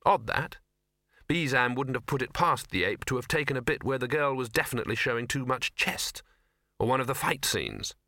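A man narrates an audiobook in a wry, lively storytelling manner. His voice is bright and crisp at a middling pitch, recorded close and completely dry. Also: fairly quick, no echo.

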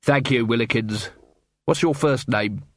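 A man's voice: mid-range voice, measured pace, dry recording, clean studio sound, lightly acted. A man voicing a weary, plain-spoken male watch commander.

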